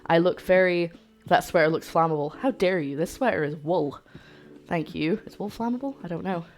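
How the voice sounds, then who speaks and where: A woman's voice: lowish voice, moderate pace. A woman hosting a casual cooking livestream from her home kitchen, rambling cheerfully and answering her chat aloud. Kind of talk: casual live-stream chat while cooking.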